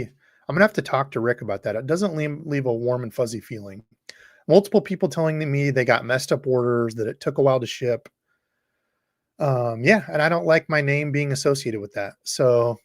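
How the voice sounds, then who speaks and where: A man's voice: medium pitch, no echo, clean studio sound. A man hosting a fishing livestream, rambling casually and reading viewer comments aloud. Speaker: fishing channel host.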